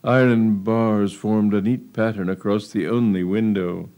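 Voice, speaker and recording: A man's voice: fairly low pitch, steady tone, a little slow, muffled recording. A man reading a humorous story aloud in a wry, amused storytelling manner. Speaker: narrator. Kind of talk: audiobook reading of a comic tale.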